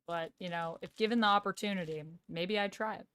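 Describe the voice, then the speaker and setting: A woman's voice: medium pitch, fairly even intonation, a little fast, a bit bright, clear, resonant tone, no echo. A young Canadian woman streaming live, chatting playfully and reading viewer comments aloud. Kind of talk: casual live-stream chat.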